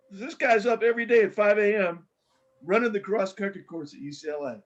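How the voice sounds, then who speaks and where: An older man speaks as a guest in a relaxed interview, fairly high for a man. He tells his stories with animation and keeps restarting his sentences as he goes. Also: brisk, lo-fi sound. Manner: animated storyteller with many restarts. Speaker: guest, former coach. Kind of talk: casual storytelling interview.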